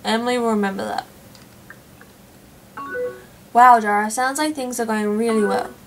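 Woman, let's play commentary, playful, theatrical, slightly high voice. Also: fairly even intonation, normal speed, fairly bright tone, far from the mic, slight background noise, low-quality recording. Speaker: gaming channel host.

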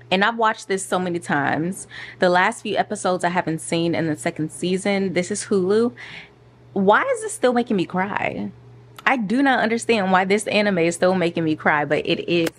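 A woman's voice: fairly low pitch, a little hiss or hum. Chatty woman vlogging from her couch. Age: 30s. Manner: chatty and animated, addressing viewers directly. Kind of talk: casual vlog chat.

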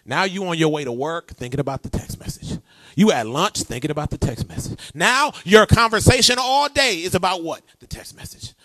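A man preaching a sermon, animated and conversational, drawing responses from the congregation. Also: on the high side, brisk, dry recording. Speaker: pastor.

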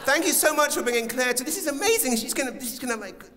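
Animated comedian on a theatre stage. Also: male voice, very high-pitched, fast talker. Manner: animated, profane, acts out dialogue. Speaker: stand-up comedian. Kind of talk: stand-up comedy set. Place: large theatre stage with a live audience. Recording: theatre reverb with faint crowd noise.

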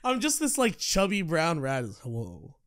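A man's voice: a little high, lively intonation, moderate pace, background noise. A young man hosting a casual podcast chat, joking around and laughing often. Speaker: podcast host.

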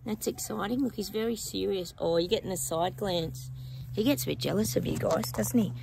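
Outdoors in her backyard with a handheld phone, this Australian psychic vlogger chats in a meandering way to viewers and slips into bits of singing. Her brisk, medium-pitched voice has vocal fry, and the background is noisy.

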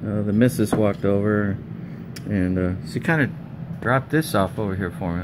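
A man's voice: on the low side, background noise. A man chatting casually as he explains a repair step by step at a home workbench. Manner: chatty, folksy, thinking aloud while working. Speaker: electronics repair hobbyist.

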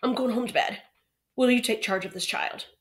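A woman's voice: fairly high pitch, fairly quick, voice pushed up, natural voice. A woman voicing a shaken older male headmaster who stammers and falters as he speaks.

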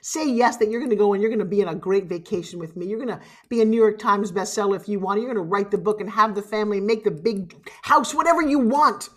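On a conference stage, a middle-aged woman who works as a motivational speaker delivers a heartfelt keynote, urging her audience on and sometimes growing tearful. Her voice sits at medium pitch, and she talks fast with few pauses.

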